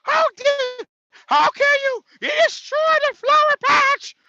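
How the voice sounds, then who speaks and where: A man putting on a shrill, outraged flower committee in a shrieking falsetto. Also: a little slow, creaky, muffled recording, exaggerated voice.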